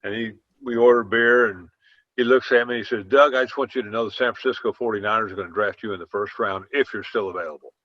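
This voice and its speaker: A man's voice: lowish voice, fairly even intonation. An older man, a former football player, telling long folksy anecdotes in casual chat over a video call. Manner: folksy, drawn-out anecdotes with quoted dialogue. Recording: dull lo-fi sound.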